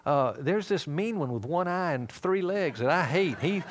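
A man's voice: on the high side, expressive, normal speed, a little hiss or hum, voice pushed up, natural voice. A man voicing a young boy who whines and pleads to save his pet lamb. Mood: pleading.

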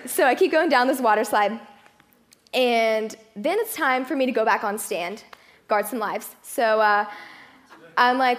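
A young woman with a fairly high voice gives a testimony to a youth gathering. She talks in a chatty, self-mocking way and keeps laughing at her own story. Her talk moves from faith to a funny camp story and back. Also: slow pace, pauses often, a bit bright. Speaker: youth speaker. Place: fellowship hall.

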